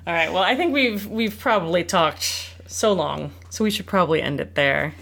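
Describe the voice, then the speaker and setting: A woman hosting a podcast in casual chat, laughing often and chiming in with quick affirmations. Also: lowish voice, animated, vocal fry, a bit bright. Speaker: podcast host.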